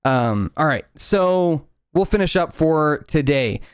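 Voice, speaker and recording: A man's voice: on the high side, lively intonation, takes it slowly, smooth, no echo. A man running a tabletop game as game master, narrating loosely with lots of fillers and restarts.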